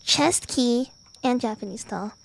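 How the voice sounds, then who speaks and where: A young adult woman streaming a game, talking in a casual, playful and animated way and swearing freely. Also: fairly high pitch, a little slow, creaky.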